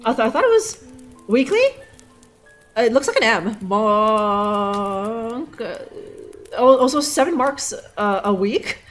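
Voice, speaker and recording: A woman's voice: high-pitched, sing-song, moderate pace, faint music behind. A woman streaming a detective game live, rambling and laughing as she sounds out German words with frequent curses. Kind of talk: casual live gameplay commentary.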